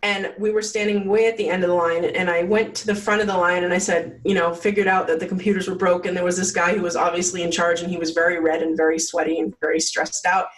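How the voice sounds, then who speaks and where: A woman's voice: on the low side, level tone, fast, few pauses, distant mic, poor audio. A woman guest telling her story in a casual interview, chatty and full of "like" fillers. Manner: chatty, many "like" fillers, acts out quotes. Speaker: podcast guest.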